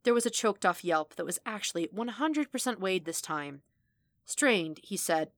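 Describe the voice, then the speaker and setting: A woman reading fan fiction aloud as audiobook narration, steady and measured. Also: mid-range voice, no room sound. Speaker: podfic reader.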